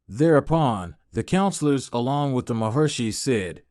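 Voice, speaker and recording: A man narrating an audiobook of an old epic translation in a measured, even reading. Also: mid-range voice, no echo, studio quality.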